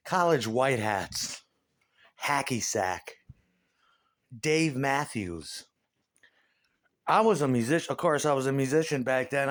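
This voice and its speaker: Middle-aged male comic, profane and animated, ranting in stand-up style. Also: medium pitch. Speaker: comedian. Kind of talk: stand-up rant.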